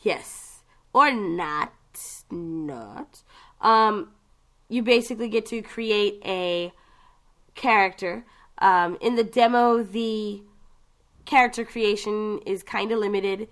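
A woman chatting casually about video games, telling the story with lively asides and quick mimicked voices. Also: mid-range voice. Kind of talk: casual gaming chat.

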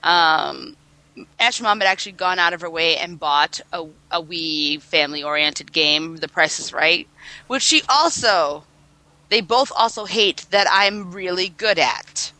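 A woman's voice: on the low side, expressive, unhurried, pushed and bright, dry recording, poor audio. A woman chatting casually, laughing between lines and swearing freely. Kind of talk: casual chat.

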